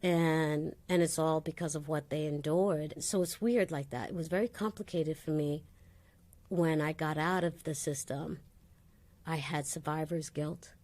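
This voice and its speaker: A woman, a guest in an interview, telling her life story in a lively way and acting out the voices of people she quotes. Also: sits low, unhurried. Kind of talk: candid interview conversation.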